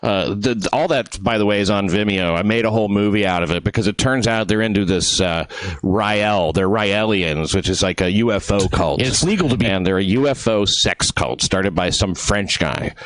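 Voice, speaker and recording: A man's voice: fairly low pitch, normal speed, dry recording. A man, a comedian guest, talking bluntly and cynically in a rambling casual chat, with restarts. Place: New York.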